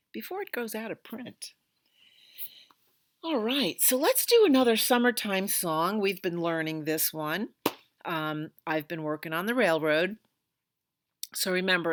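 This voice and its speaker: Storytime librarian, woman, expressive reader, bright tone, slow pace. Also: low voice, no room sound, studio quality. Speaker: children's librarian. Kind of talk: storytime read-aloud.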